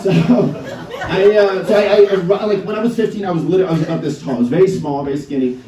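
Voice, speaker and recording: A man in his thirties with an American accent doing a stand-up comedy set, swearing and acting out people in quick put-on voices. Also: high voice. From Netherlands. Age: 30s. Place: comedy club stage with live audience. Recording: roomy club sound from a distance, crowd laughter. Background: audience laughing.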